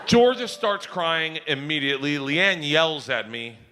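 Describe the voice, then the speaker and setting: A middle-aged man doing stand-up comedy, telling loud, animated stories on a live stage as the audience laughs. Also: a little high, a little slow. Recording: live venue with loud crowd noise.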